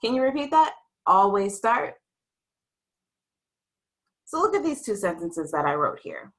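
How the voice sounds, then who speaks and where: A young woman gives a writing lesson to small children. She speaks slowly and draws out her words in an expressive, sing-song way. Her pitch rises and falls a lot. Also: poor audio. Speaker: teacher.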